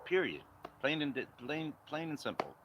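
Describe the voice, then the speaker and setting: A man's voice: on the high side, very animated, moderate pace, background noise. A man giving blunt, confrontational political commentary, firing off repetitive rhetorical questions at the viewer. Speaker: vlogger.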